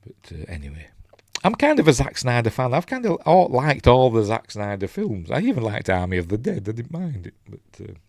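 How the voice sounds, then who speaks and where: This middle-aged Yorkshireman rambles through casual live commentary on a film, full of fillers and false starts. His medium-pitched voice swoops wildly, moves fairly quickly, and carries vocal fry with a slightly mellow quality. The recording is dry, with clean studio sound.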